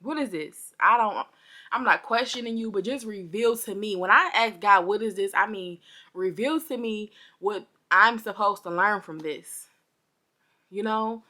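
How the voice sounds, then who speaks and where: A young woman telling a storytime vlog to her viewers, chatty and animated, a little parched and under the weather. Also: mid-range voice, a little slow. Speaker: vlogger.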